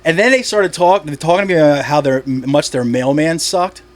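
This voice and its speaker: A man's voice: on the high side, normal speed. A man, a stand-up comic from Delaware, chatting on a podcast in a rambling way, laughing at his own jokes and swearing casually.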